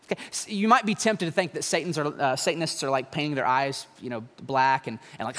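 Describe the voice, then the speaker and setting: Guy pastor preaching, high voice that jumps all over, big echoey church hall. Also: brisk. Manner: animated, conversational preaching with mocking asides. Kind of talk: sermon. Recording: long hall reverb.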